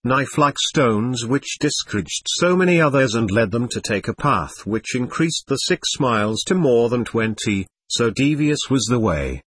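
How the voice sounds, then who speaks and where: Husky-voiced male audiobook narrator. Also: mid-range voice, a bit bright. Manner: measured, solemn storytelling.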